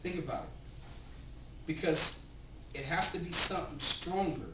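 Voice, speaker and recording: High-voiced man preaching a sales pitch. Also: moderate pace, pushed and bright. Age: 30s. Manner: preachy, asks the room questions. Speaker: network marketing presenter. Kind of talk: motivational sales pitch at a home gathering. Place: living room of a home. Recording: roomy, distant and noisy home recording.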